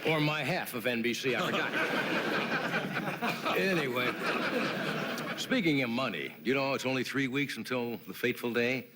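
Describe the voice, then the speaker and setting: A man's voice: medium pitch, normal speed, long pauses, very noisy. A man hosting a late-night talk show, delivering a comedy monologue with wry jokes and chatty asides to his sidekick in a TV studio. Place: TV studio with live audience.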